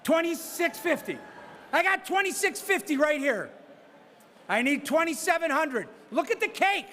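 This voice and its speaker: A man calling a live charity auction in a very high, bright, ringing voice that swoops up and down as he chases bids. He teases bidders and shouts out numbers, with faint room ambience behind him. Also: normal speed, slight background noise. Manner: energetic, teasing, shouts bids and whoops. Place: banquet hall at a charity gala.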